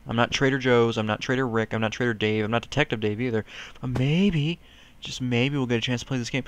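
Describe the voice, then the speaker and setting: A man talks through a video game in casual, rambling commentary. He pokes fun at himself, breaks into quick excited yelps, and keeps up a friendly chatter. His voice is smooth and resonant, at an ordinary pitch. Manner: chatty, rambling, self-mocking, sudden yelps. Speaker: gaming YouTuber.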